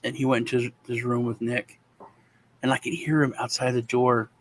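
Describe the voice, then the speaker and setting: A man chatting casually, telling lively stories about his kids and acting out their voices. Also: mid-range voice, normal speed, a little hiss or hum. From Texas. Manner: animated, acts out his kids' voices. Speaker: co-host. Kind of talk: casual storytelling chat.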